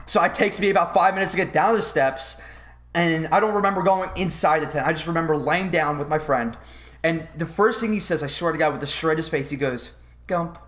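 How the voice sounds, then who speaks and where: A young man hosting a podcast, telling a long story in a rambling, profane, animated way. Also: fairly high pitch, fairly quick. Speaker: podcast host. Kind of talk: casual storytelling.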